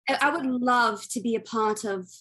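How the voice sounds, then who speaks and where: A young American woman talks as an actor guest in an interview, answering in a poised, well-spoken and polite way. Her voice sits a little higher than most. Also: moderate pace, a bit bright. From United States. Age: young adult. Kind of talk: casual interview chat.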